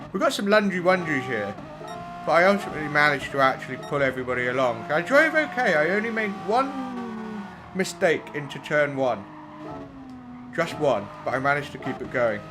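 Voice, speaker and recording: A man's voice: a little high, very animated, normal speed, pauses often, music in the background. Sweary man commentating races. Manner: blunt and sweary, chatting with viewers. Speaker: sim racing streamer. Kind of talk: live commentary on race replays.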